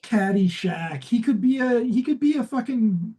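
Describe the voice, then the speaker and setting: A woman co-hosting a comedy podcast in casual chat, sardonic and quick to swear, with sudden leaps in pitch. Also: slightly rough. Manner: sardonic, swears freely, lively jumps in pitch. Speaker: podcast co-host.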